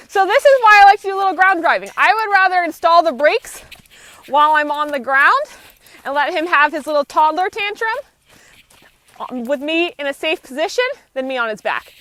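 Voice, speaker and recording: A woman horse trainer with a high, bright voice talks through her work outdoors. She keeps her tone calm and low-key and explains each step as she goes. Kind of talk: live training commentary.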